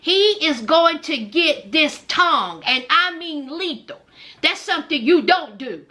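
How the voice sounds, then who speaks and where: Woman, Southern US accent, vlog commentary, sassy, emphatic, very high voice. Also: animated, unhurried, sharp tone. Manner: sassy, emphatic, talks straight to viewers. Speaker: vlogger commenting on a reality show. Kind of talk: casual commentary.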